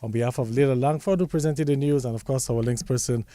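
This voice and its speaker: A man presenting a radio sports report in a measured, formal read. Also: mid-range voice, dark tone, no echo. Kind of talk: scripted news reading.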